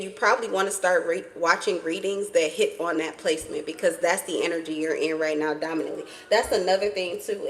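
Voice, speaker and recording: A woman's voice: on the low side, low-quality recording. A woman giving a casual tarot reading to her viewers, blunt and profane, with emphatic repetition. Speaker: tarot reader.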